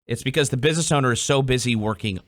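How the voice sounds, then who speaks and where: A man's voice: mid-range voice, no room sound, clean studio sound. A man hosting a casual business podcast, acting out customer conversations as he explains. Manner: animated, acts out customer dialogues in quick voices. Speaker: podcast host.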